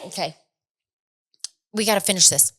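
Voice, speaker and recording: A woman in her thirties co-hosts a casual podcast chat. She tells a story with animation and laughter, acting out the quotes. Her voice sits in a middle pitch. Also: normal speed, bright, forceful tone, slightly rough. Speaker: podcast co-host.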